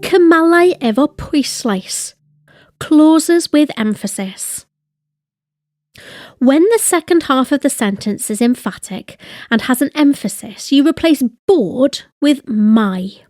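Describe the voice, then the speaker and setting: A woman reads a language lesson from a script in a high, lively voice. She speaks slowly and carefully, pronouncing each word with deliberate precision. The sound is dry and close. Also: no room sound. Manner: slow, deliberate, carefully enunciated. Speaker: language teacher.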